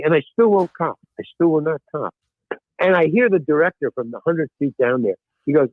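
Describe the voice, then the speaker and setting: Animated man telling stories, phone line. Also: on the high side, a little fast, no room sound. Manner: animated, acts out the other people in his story; swears casually. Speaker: actor guest. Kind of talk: anecdotal storytelling.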